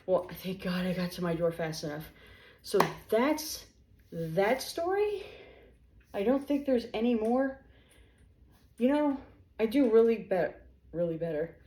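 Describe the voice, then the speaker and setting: A woman telling stories straight to camera in a home kitchen, lively and chatty, sometimes talking with her mouth full. Her voice sits at an ordinary middle pitch, and the room gives it a noticeable echo. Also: unhurried, long pauses, slight background noise. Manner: animated, chatty, talking while eating. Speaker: vlogger. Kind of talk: casual storytelling. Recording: echoey room.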